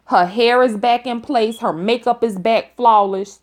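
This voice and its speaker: A storytime vlogger tells her viewers a dramatic tale, repeating lines for emphasis and exclaiming with folksy terms of address. Her voice runs on the high side at a measured pace.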